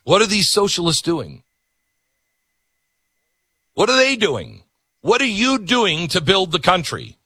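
A man's voice: high-pitched, wildly swooping pitch, slow, long pauses, bright, forceful tone, husky, no echo, studio quality. A man hosting a talk show, ranting and sarcastic, then reading an ad in his own voice. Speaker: radio talk host. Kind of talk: opinionated talk show monologue.

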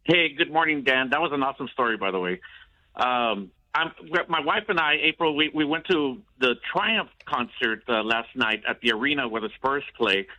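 A man calling in to a radio show, sharing a stat in a rambling, halting way. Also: medium pitch, lively intonation, bright, forceful tone, dull audio. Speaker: caller. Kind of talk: casual call-in chat.

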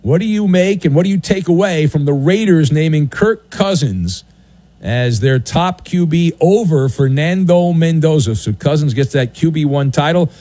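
A man's voice: fairly high pitch, animated, moderate pace, dark tone, no room sound. A man hosting a sports talk radio show in a studio, delivering a sardonic, theatrical monologue with swooping announcer flourishes. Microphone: studio broadcast mic.

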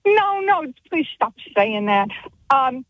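A brash woman from New York speaks with a New York accent carrying a trace of Southern twang. Her voice is husky and higher than most, and she talks slowly. She comes through a muffled phone line. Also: sing-song, no echo. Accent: New York with a Southern touch. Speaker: caller. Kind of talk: phone-in chat.

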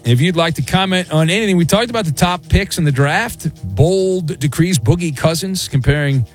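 A man's voice: on the high side, normal speed, faint music behind. A middle-aged man hosting a late-night sports talk radio show, rambling and joking with self-mocking asides. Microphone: studio microphone.

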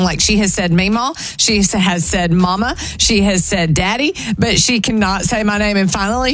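A woman hosting a radio show, chatting emotionally and gushing about her family. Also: medium pitch. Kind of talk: casual radio chat.

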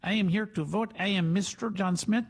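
A man voicing a halting, fake-formal man posing as a dead voter. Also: sits high, vocal fry, breathy edge, full character voice. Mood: mock-pompous.

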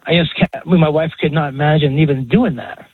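An older male caller heard over a tinny phone line. His voice sits a little high and sounds husky, and he speaks haltingly, visibly moved. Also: fairly even intonation, no room sound. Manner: emotional, halting. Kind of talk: call-in radio talk. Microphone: telephone.

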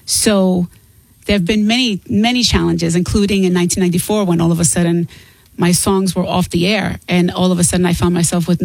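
A woman guest author talking candidly and earnestly in an interview, open and quick to laugh. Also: lowish voice, a little mellow, dry recording, poor audio.

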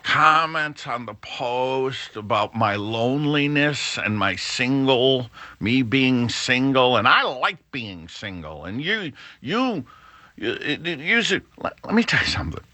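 A man's voice: medium pitch, lively intonation, measured pace, pushed and bright, no room sound. A middle-aged man hosting a podcast, telling a rambling, self-deprecating story with many restarts. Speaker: podcast host. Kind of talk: casual monologue.

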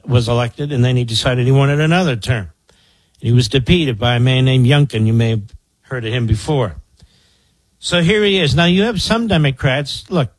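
A man's voice: mid-range voice, no room sound, poor audio. A man in his sixties from the Philadelphia area, hosting political talk radio in a sarcastic, mocking, emphatic way. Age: 60s. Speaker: radio talk show host.

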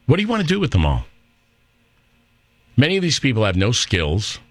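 A man's voice: mid-range voice, huge pitch swings, brisk, dry recording. A middle-aged man hosting a political talk radio show, opinionated and rambling, with fillers and restarts.

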